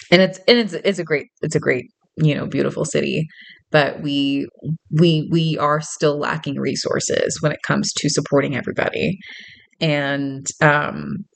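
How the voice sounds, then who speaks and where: Low-voiced chatty woman telling a story. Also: creaky. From suburbs, grew up in. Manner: chatty, laughs often, many restarts and fillers. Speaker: vlogger. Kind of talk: casual storytelling monologue.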